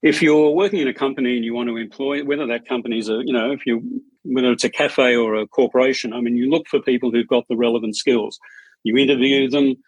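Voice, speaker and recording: Male strata chair, husky and dry-humoured, steady anecdotal delivery. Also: mid-range voice, quick pace, no echo, low-quality recording. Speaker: strata committee chair, podcast guest. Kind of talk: conversational interview storytelling.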